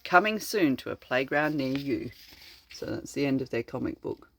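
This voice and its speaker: An older woman reading a storybook aloud to her grandchildren, slow and expressive, chatting to them about the pictures. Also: rumbling low, vocal fry. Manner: slow and expressive, chatting to children between lines. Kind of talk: read-aloud storytelling to children.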